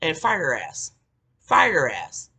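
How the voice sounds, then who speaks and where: Rambling, profane woman with a lively voice. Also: low voice, takes it slowly, husky. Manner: profane, rambling, full of fillers. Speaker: vlogger. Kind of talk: casual storytelling rant.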